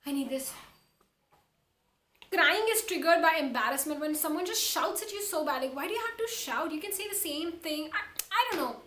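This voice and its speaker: A young woman with an Indian English accent talks to her camera in a very high, bright voice. She tells her story in a lively, emphatic way and acts out what people said. The sound is roomy, with a clear echo off the walls. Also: moderate pace. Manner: animated, emphatic retelling with quoted dialogue. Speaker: vlogger, cabin crew. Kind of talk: casual storytime monologue.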